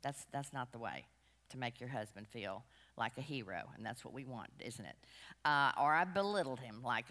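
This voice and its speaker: Low-voiced woman, chatty and rambling. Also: moderate pace. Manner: rambling, chatty, self-deprecating, animated anecdotes. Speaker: women's class speaker. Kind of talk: storytelling talk to a group. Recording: long hall reverb.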